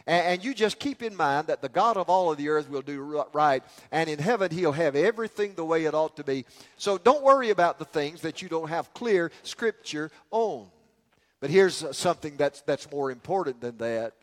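A man's voice: a little high, expressive, normal speed. Folksy older man preaching in a hall. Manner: folksy, rambling with many restarts. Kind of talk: sermon with humorous stories. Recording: long hall reverb.

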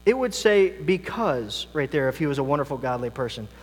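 A male pastor delivering a sermon, swinging between loud emphasis and quiet, soft asides. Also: on the high side, very animated, fairly quick. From United States. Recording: long reverb, mains hum.

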